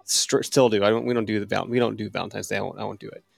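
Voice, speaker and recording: A man hosting a podcast, telling a story in casual chat in a self-mocking, animated way and swearing freely, recorded in a studio. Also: lowish voice, rapid-fire, creaky, no room sound. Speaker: podcast host.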